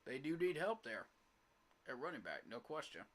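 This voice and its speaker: A man's voice: mid-range voice, sing-song, moderate pace, fairly bright tone. A young man, ranting in exasperation about his football team while live-streaming a sports reaction. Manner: exasperated, emphatic, repetitive ranting. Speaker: fan streamer.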